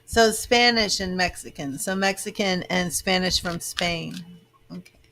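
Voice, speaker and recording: A woman's voice: on the low side, unhurried, a bit bright, a little hiss or hum. A woman giving a live-stream psychic reading, reassuring and chatty as she answers viewers' comments. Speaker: psychic reader.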